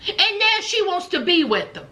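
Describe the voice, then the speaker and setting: Woman, reality TV commentator, sassy and scolding, lively swooping voice. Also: very high voice, normal speed. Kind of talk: sassy reaction recap.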